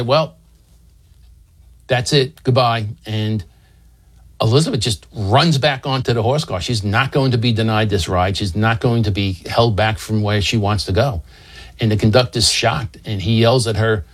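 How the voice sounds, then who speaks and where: A man recounts a historical incident in an easygoing storytelling manner. He explains as he goes and drops in small asides and restarts, keeping it conversational rather than scripted. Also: mid-range voice.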